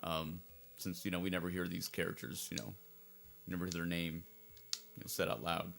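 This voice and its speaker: A man's voice: low voice, level tone, brisk, vocal fry, a bit bright, soft background music. A man casually commentating over a game playthrough as its fan translator, rambling and circling back on his points. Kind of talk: casual let's-play commentary.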